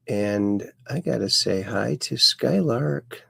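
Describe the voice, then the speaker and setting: A man hosting a casual livestream, slowly reading chat messages aloud with sudden bright upswings. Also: mid-range voice, lively intonation, vocal fry, no echo. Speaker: host.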